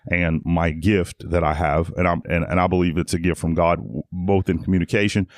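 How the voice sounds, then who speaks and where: A man's voice: low voice, steady tone, brisk, dry recording, clean studio sound. A middle-aged man, a guest casually telling stories in a rambling way with lots of restarts. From Tennessee. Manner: rambling, frequent restarts and "like" fillers. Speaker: guest, jiu-jitsu academy owner. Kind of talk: casual conversational storytelling.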